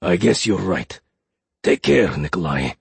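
A man's voice: deep voice, animated, unhurried, gravelly, slightly rough, in a large hall, full character voice. Man doing a doubtful, weary companion. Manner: doubtful, sighing.

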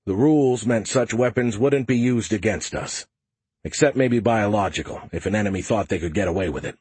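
Man, audiobook narration, first person, matter-of-fact, husky, low-pitched. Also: fairly quick, darkish tone, no room sound.

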